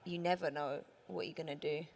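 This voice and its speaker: Chatty London-accented woman, slightly low. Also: steady tone, fairly quick, vocal fry. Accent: London English. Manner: laughing, chatty storyteller. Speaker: voice actress panelist. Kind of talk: casual panel chat. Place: conference panel stage.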